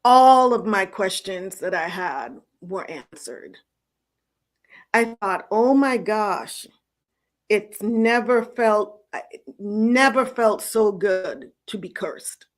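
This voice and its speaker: A middle-aged woman host telling her personal faith story in an earnest, storytelling way, with soft laughs now and then. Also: medium pitch, expressive, slow pace. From United States. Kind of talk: personal testimony.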